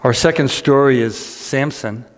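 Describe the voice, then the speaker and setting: A man preaching a sermon as pastor, earnest and unhurried, repeating key lines with dramatic pauses. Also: medium pitch. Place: church sanctuary. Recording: church hall reverb.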